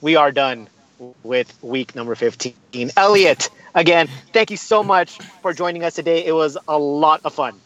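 A man hosting a casual sports podcast, animated and quick to laugh, stressing words by repeating them. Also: a little high, highs cut off. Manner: animated, laughing, repetitive emphasis. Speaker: podcast host.

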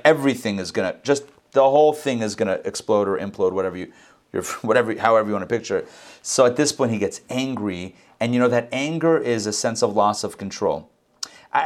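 A man giving an informal scripture lesson as a Bible teacher, talking conversationally and dropping jokey asides. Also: mid-range voice.

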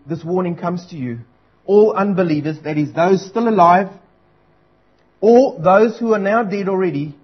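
A man's voice: on the high side, slightly rough, muffled recording. A man preaching a sermon, earnest and urgent, driving points home by repeating them.

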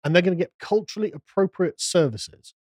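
A man's voice: high voice, a little fast, a little mellow, no echo, clean studio sound. A man hosting a casual political podcast, reading documents aloud and adding sarcastic commentary. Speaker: podcast host.

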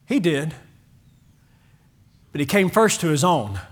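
Pastor, high voice, folksy, animated sermon that drops to a hush. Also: male voice, slow pace. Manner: animated, folksy, shifts from loud to hushed.

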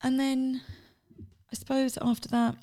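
A woman's voice: sits high, a little slow. Frank woman telling her story. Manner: frank, animated, acts out past dialogue. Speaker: podcast founder and guest. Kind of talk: candid personal storytelling.

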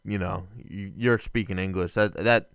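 A young male podcast co-host talking fights with rambling enthusiasm, often stopping to correct himself. His voice is rich and smooth, slightly lower than most. The sound is dry, with almost no room in it. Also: steady tone, normal speed, fairly bright tone, dry recording. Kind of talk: casual sports chat.

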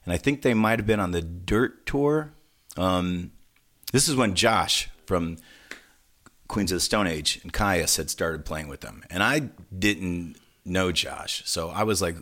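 A low-pitched man in casual podcast conversation, telling a story at length with a self-deprecating touch. He rambles and restarts as he goes, growing animated in places. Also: measured pace. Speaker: podcast co-host.

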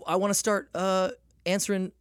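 A man co-hosting a podcast, chatting casually in a teasing way and jumping quickly between topics. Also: sits high, level tone, clean tone, no room sound, clean studio sound. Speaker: podcast co-host. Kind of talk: casual chat.

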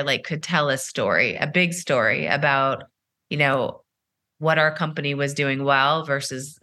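Low-voiced, bright middle-aged businesswoman. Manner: measured, explanatory, with frequent "uh" and "you know". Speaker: company founder and CEO. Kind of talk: podcast interview answers.

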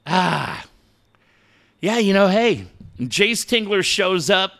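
A man's voice: sits high, expressive, slow pace, gravelly, pushed and bright. A man co-hosting a casual sports podcast, profane and boisterous as he rants animatedly.

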